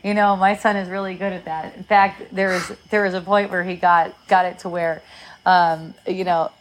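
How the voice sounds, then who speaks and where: A woman's voice: fairly low pitch, level tone, moderate pace, a little hiss or hum. Laughing, rambling middle-aged mother. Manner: laughs often, rambling with many restarts. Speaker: parent telling a story. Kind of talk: casual storytelling chat.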